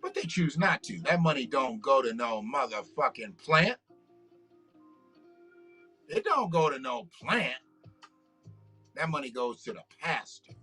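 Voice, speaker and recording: A man's voice: mid-range voice, big pitch swings, a little slow, pauses often, bright, forceful tone, breathy edge, soft background music. Blunt, profane man ranting on a livestream. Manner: blunt, profane, preachy rants. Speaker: livestream host. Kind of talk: casual political commentary livestream.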